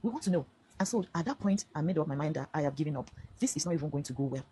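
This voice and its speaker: A middle-aged Nigerian woman speaks in a Nigerian accent, very low-pitched and rushing. Her words pour out fast and pleading as she addresses her followers directly. Her tone is dark and mellow. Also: expressive, husky, low-quality recording. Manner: impassioned, pleading storytelling. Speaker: social media vlogger. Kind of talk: direct-to-camera personal statement.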